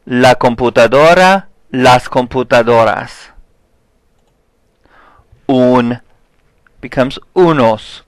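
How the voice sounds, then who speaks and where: Slow, patient male Spanish teacher. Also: mid-range voice, no room sound, rough recording. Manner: explains step by step, checks with "okay?"; spells out example words slowly. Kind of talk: recorded classroom lesson.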